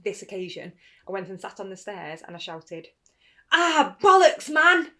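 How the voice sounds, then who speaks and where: A young woman co-hosts a casual podcast chat and talks very fast. She tells her stories with energy and acts out the voices of the people she quotes. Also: lowish voice. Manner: animated storytelling, acts out quotes. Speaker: podcast co-host.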